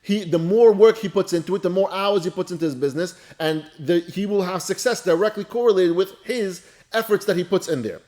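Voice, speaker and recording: A man's voice: high voice, brisk, hardly any pauses, warm tone. A man, a rabbi teaching a Torah class, who reads a line of Hebrew and then translates and explains it in a casual, conversational way. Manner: conversational and repetitive, speaks straight to listeners.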